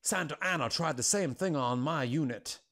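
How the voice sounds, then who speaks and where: A man voicing a weary retired army lieutenant in an old west game, with a put-on western drawl and a steady, plainspoken delivery. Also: on the high side, moderate pace. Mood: grim.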